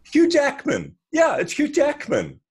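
A man voicing his excited, starstruck wife in a high, gushing voice as he tells a story. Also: takes it slowly, gravelly, full character voice.

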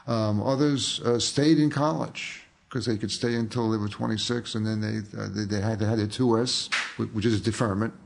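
A man's voice: lowish voice, fairly even intonation, brisk, creaky, few pauses, a little hiss or hum. An older man, an author and filmmaker, telling rambling anecdotes in a casual interview, full of fillers and restarts.

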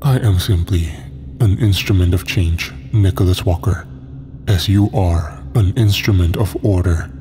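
A man voicing a calm, zealous cultist who speaks in a deep, slow monotone. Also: soft background music. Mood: calm menace. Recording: long hall reverb with faint noise.

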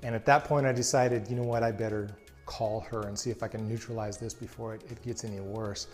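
A man's voice: fairly low pitch, steady tone, brisk, a little mellow, soft background music. A man running a small business, talking casually to customers in a plainspoken, reassuring way, often restarting his sentences. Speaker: small business owner answering customer questions. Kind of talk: casual talk to camera.

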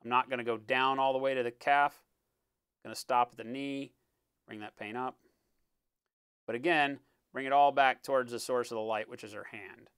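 A man talking through a live-stream painting tutorial in a relaxed, explanatory way, often checking in with "right?" and sometimes muttering as he works. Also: mid-range voice, normal speed, long pauses, clear, resonant tone, no echo. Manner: muttering while working. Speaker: miniature painting instructor.

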